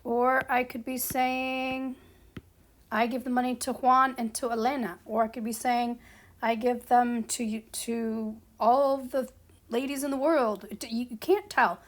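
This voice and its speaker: A woman's voice: a little high, steady tone. A woman explaining a grammar lesson as a teacher, patient and checking in with her students as she goes. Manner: slow, patient, checks in with "okay?" and "right?". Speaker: Spanish teacher.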